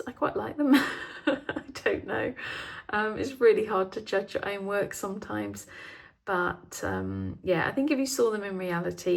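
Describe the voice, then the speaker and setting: A woman talks through her latest paintings and stitching in an easy, self-deprecating vlog chat. Her mid-pitched voice carries a noticeable creak at the ends of phrases, and she often trails off or softens into a small laugh. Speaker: craft and art vlogger. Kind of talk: casual chat showing her artwork.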